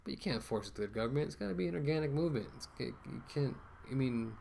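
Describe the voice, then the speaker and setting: A man's voice: mid-range voice, animated, fast talker, creaky, mellow, a little hiss or hum. A man ranting casually to camera as a vlogger, rambling with many fillers and restarts, talking through a mask.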